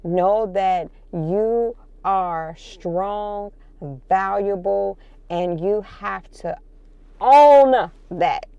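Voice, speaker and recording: A woman's voice: mid-range voice, steady tone, drawn-out words, creaky, a little mellow, smooth, no room sound, highs cut off. A middle-aged woman with a Chicago accent, speaking earnestly to camera from her car as a mother giving advice, repeating phrases for emphasis. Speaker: vlogger, mother of adult children. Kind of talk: reflective talk to camera. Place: parked car.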